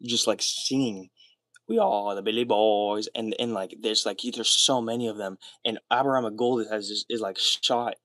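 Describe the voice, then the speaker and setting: A young man livestreaming alone, talking in a rambling, excitable way, full of fillers and swearing. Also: on the low side, moderate pace, few pauses, dry recording. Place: small soundproofed room.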